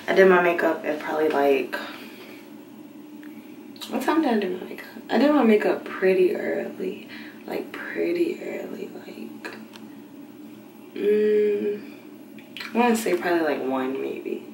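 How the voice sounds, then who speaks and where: A young woman vlogger talking casually at night in a hushed, half-whispered voice so she won't wake anyone, recording on a handheld phone in her bathroom. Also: on the low side, big pitch swings, moderate pace, gravelly, background noise. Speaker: beauty vlogger. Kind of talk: late-night casual vlog. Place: bathroom at home. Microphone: handheld phone camera. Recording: roomy, slightly distant phone audio.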